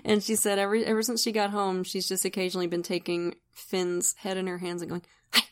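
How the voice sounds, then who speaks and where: A woman's voice: medium pitch, level tone, fairly quick. A woman hosting a true crime podcast, telling the story in a chatty, wry way and laughing often. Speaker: podcast host.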